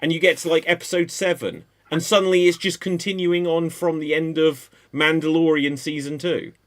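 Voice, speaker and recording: A man hosting a live panel show, chatting casually about TV in an animated, rambling way that turns mocking. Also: a little high, moderate pace. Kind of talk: casual pop-culture chat.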